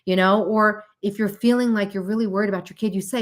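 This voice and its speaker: A woman hosting a casual livestream talk and chatting to her audience, animated, with frequent laughs and asides. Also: quick pace, few pauses. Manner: animated, acts out quoted voices with big pitch jumps. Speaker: host.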